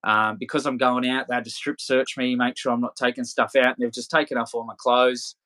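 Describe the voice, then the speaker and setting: A man's voice: mid-range voice, level tone, a little fast, pushed and bright. A young adult man with an Australian accent, telling his story as a podcast guest in a blunt, profane way, full of fillers. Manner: blunt, heavy swearing, filler-laden. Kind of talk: casual storytelling.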